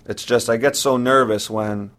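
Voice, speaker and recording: A man's voice: mid-range voice, fairly even intonation, normal speed, fairly bright tone, close to an everyday voice. A man voicing a nervous, joking middle-aged father talking on the phone. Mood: chatty.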